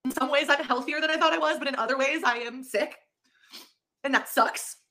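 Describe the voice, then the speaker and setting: A woman's voice: high voice, fairly even intonation, a little fast, bright, forceful tone. A woman making a passionate, upset vlog confession.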